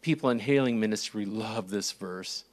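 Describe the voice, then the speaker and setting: A man preaching a sermon, reading scripture verses and asking rhetorical questions, with big dramatic swings in pitch and volume. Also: normal speed. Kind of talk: sermon teaching.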